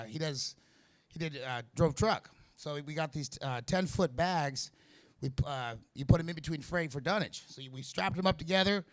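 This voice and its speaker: A nervous man doing amateur stand-up, telling rambling jokes with lots of fillers and restarts. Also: on the high side. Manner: rambling, halting delivery with many fillers and restarts. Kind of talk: stand-up comedy set. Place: small comedy venue in a vape shop.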